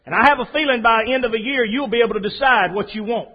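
A man voicing a stern old male shoemaker who gives firm, emphatic advice and slows on the key words. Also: extremely high pitch, slightly rough, pitched above the performer's own voice. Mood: admonishing. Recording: dull lo-fi recording.

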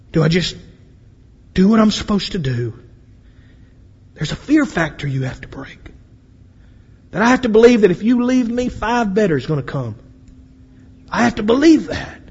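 A man preaching a sermon, acting out voices and swinging between loud and quiet. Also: high voice, husky, dull audio. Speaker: pastor. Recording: echoey hall with long reverb.

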